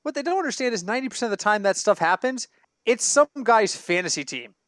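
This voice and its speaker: A man co-hosts a sports podcast over an online call on a home computer mic, bantering casually and telling long, animated, rambling stories while correcting himself. He talks fast in a high voice, with studio quality and no room sound.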